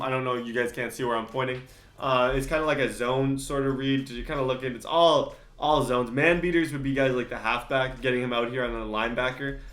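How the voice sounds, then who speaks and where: A man's voice: medium pitch, fairly bright tone, reverberant. A young man giving a casual, rambling vlog commentary with lots of fillers. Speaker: YouTuber.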